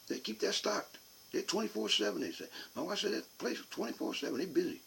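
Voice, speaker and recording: Man, high and gravelly, rambling comic storyteller. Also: sing-song, quick pace, a bit bright, a little hiss or hum, rough recording. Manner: rambling, folksy, repetitive. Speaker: vlogger.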